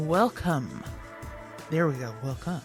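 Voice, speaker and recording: A woman's voice: low voice, moderate pace, music in the background. A woman co-hosting a casual faith podcast, talking playfully and laughing often. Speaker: podcast co-host.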